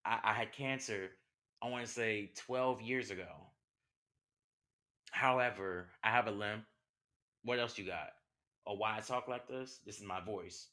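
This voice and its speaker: A man's voice: lowish voice, a little slow, long pauses, sharp tone. A young man, hosting a podcast as a passionate, conversational monologue full of rhetorical questions. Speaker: podcast host. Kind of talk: personal monologue.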